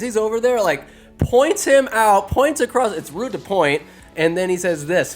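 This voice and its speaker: A man hosting a podcast, recapping a film in an animated, joking way, swearing and doing goofy character voices. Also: high voice, unhurried, faint music behind. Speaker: podcast host. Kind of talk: comedic movie recap. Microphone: phone.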